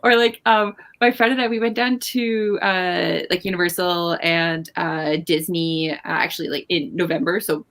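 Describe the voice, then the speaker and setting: Chatting as co-host, a young Canadian woman speaks with a Canadian accent in a lowish, fairly bright voice at a moderate pace. Her intonation is fairly even, she barely pauses, and she uses lots of fillers and "likes."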